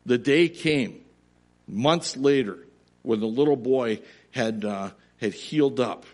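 A man in his forties telling a story in a sermon, earnest and dropping to a quiet emotional emphasis. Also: medium pitch, takes it slowly. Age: 40s. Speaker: pastor.

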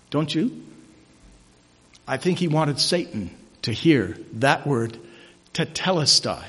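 A man preaching a sermon as pastor, emphatic and rising to loud declarations, in a church sanctuary. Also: on the high side, husky. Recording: church hall reverb.

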